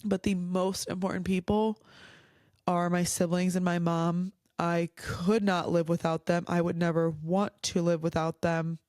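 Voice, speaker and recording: A woman's voice: fairly low pitch, little pitch movement, unhurried, darkish tone, no room sound, clean studio sound. A young woman hosting a casual Q&A vlog, talking in a heartfelt, rambling way while emotional and teary. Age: young adult. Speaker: vlog host.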